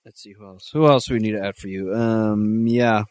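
A man's voice: fairly low pitch, fairly even intonation, moderate pace, darkish tone, no room sound. A man co-hosting a podcast in casual chat, hesitant and full of ums and uhs. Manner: hesitant, plenty of ums and uhs, laughs easily. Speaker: podcast co-host.

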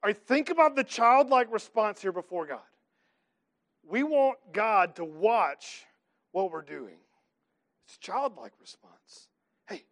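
A man in his thirties delivers a sermon from the pulpit with a fairly high voice. He moves between strong, emphatic declarations and soft, hushed asides, keeping a conversational pastor's tone. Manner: dynamic preaching, swinging from loud to hushed.

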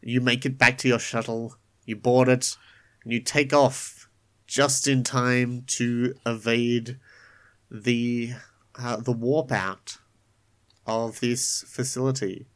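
A man running a tabletop game, narrating scenes in a calm, descriptive way. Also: medium pitch. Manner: unhurried, descriptive. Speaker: game master.

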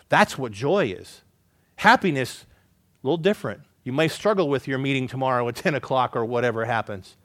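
A man preaching a conversational sermon, asking the listeners rhetorical questions and swinging between emphatic rises and quiet, low asides. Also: no echo, studio quality. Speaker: pastor.

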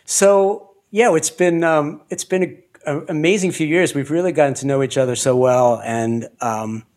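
A man hosting an interview podcast, talking in an animated way and laughing often. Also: on the high side, moderate pace. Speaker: podcast host. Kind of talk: conversational interview.

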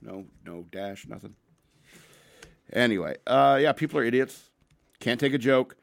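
This show host's voice is mid-range, expressive, and creaky, and he keeps a measured pace. A few beers in and slightly tipsy, he reads news stories and rants crudely and bluntly, wandering off and starting over as he goes.

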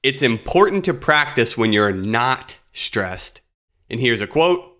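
Man, podcast host, nasal from a cold, bright tone, slow deliberate reading. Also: mid-range voice, big pitch swings. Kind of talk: calm reflective podcast talk.

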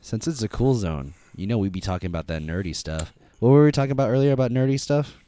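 Man, young adult, low pitch, dry close sound, rambling teasing podcast chat. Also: animated, quick pace, warm tone, no echo. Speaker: podcast co-host and editor. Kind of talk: casual chat.

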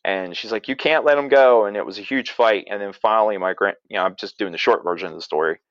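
Low-voiced man telling a family story. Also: fairly even intonation, fast talker, a bit bright, dry recording, highs cut off. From south-central Pennsylvania. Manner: rambling, chuckling, self-correcting. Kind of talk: casual storytelling.

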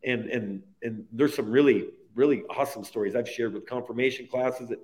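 A man's voice: mid-range voice, brisk, darkish tone. A man speaking as a guest in a podcast interview, telling a personal faith story in an earnest, heartfelt way that stacks phrases one onto the next.

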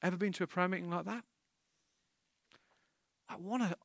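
A man's voice: high voice, moderate pace, creaky, no room sound, clean studio sound. A man preaching a sermon as pastor, impassioned, building to emphatic peaks.

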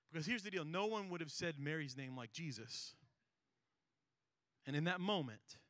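Pastor, male, bright and tense delivery, emphatic and earnest, dry studio sound. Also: on the high side, dry recording. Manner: earnest, emphatic preaching with rhetorical questions. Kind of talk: sermon.

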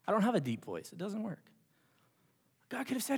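A pastor preaching a sermon in a church, moving between hushed whispers and rising, repeated phrases. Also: mid-range voice, sing-song, normal speed, breathy edge. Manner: dramatic, with hushed whispered passages and rising repetitions. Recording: long hall reverb.

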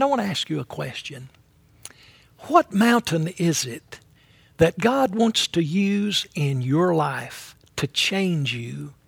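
Man preaching a daily devotional, husky voice, tells the stories fast and emphatic. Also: a little high, no echo. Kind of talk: devotional sermon.

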